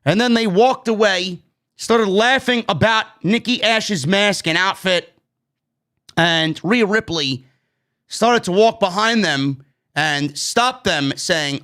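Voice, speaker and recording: Bright, blunt wrestling reviewer man. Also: high-pitched, slow pace. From New York. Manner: blunt, profane, exasperated commentary. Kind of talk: casual opinionated review.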